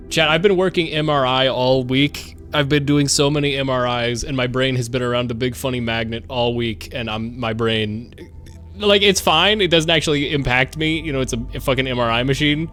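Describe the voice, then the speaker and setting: Rambling, excitable male streamer. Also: mid-range voice. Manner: rambling, excitable, swears freely. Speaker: live streamer. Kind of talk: casual live-stream chat.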